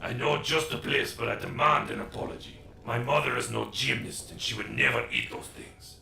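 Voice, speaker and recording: A gravelly, prickly game character. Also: male voice, medium pitch, moderate pace, pushed and bright, slight background noise, full character voice. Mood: indignant. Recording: echoey game audio.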